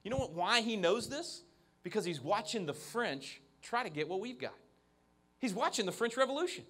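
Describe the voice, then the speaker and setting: A man's voice: high voice, very animated, moderate pace, fairly bright tone. A man giving a keynote speech to an evening event audience into a handheld microphone, talking with emphasis and frequent restarts. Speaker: keynote speaker. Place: event venue, in front of an audience.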